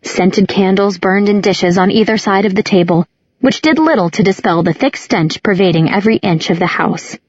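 Husky woman narrating an audiobook. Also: mid-range voice, dry recording, muffled recording. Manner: measured and descriptive. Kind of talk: scripted narration.

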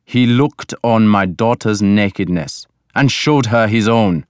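Male narrator as stern Viking lord; low, slow, harsh menace in a storybook. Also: clean tone, dry recording, studio quality. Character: stern angry Viking lord, grim and commanding.

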